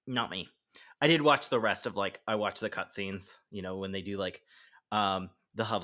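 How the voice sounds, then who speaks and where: A podcast co-host with a fairly low voice talks a little fast, chatting casually about TV and games. He's animated and laughs a lot, often quoting himself in silly voices.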